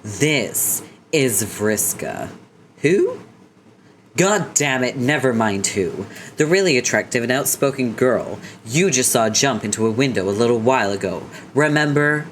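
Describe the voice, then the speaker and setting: A man's voice: medium pitch, lively intonation, measured pace, slight background noise, close to an everyday voice. Male reader voicing an arrogant teen troll girl, blunt and pushy. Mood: bossy. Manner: bossy, blunt.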